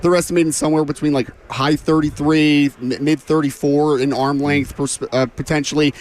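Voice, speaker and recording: A man, a draft analyst guest on a sports radio show, talking quickly and a little hoarse from losing his voice, often correcting himself mid-sentence. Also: a little high, fairly even intonation, slight background noise. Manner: fast, thinking aloud, frequent self-corrections.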